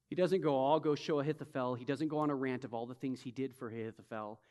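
A man preaching a sermon as pastor, emphatic, swinging from soft reflection to loud, urgent bursts and acting out imagined speakers. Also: medium pitch, fast talker. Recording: long hall reverb.

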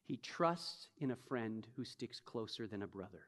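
A man preaching a sermon as pastor, emphatic, swinging from soft reflection to loud, urgent bursts and acting out imagined speakers. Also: lowish voice, expressive, moderate pace. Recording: long hall reverb.

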